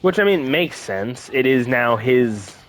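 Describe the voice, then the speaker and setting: A man's voice: mid-range voice, a little slow. A young man chatting casually as a gaming co-host, telling an anecdote and acting out the quoted voices. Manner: animated storyteller, acting out quotes. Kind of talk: casual chat.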